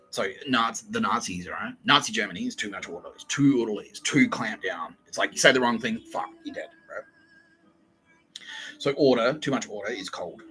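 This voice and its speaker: Rambling podcast host, lowish voice with a hard, tense edge, profane and laughing. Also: male voice, bright, forceful tone, slight background noise, rough recording. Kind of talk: rambling comedic monologue.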